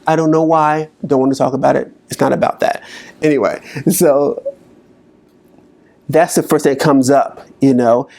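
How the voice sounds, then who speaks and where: A man speaking as a motivational speaker, slowly coaching listeners through a guided exercise. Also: mid-range voice, little pitch movement, gravelly, a little mellow. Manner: slow, coaching delivery with long pauses.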